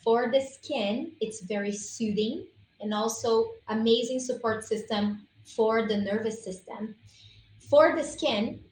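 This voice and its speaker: A woman's voice: fairly high pitch, slow, a little mellow. A woman giving an enthusiastic, chatty product talk on a live stream over a video call. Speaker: guest presenter on essential oils. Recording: roomy echo, faint room ambience.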